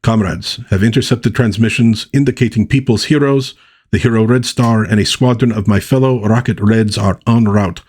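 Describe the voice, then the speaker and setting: A man's voice: on the low side, moderate pace, darkish tone, breathy edge. A man reading aloud as a stern male Soviet soldier in clipped, formal speech. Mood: urgent.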